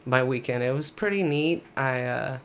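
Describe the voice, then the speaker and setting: A sick man with a nasal voice co-hosting a casual podcast, joking in a dry, deadpan way. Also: mid-range voice, moderate pace, slight background noise. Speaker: podcast co-host.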